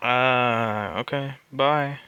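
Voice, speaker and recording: A man's voice: mid-range voice, fairly even intonation, very slow, sharp tone, clean tone, muffled recording. A man streaming live, reading a text adventure aloud and answering it with cocky, joking banter.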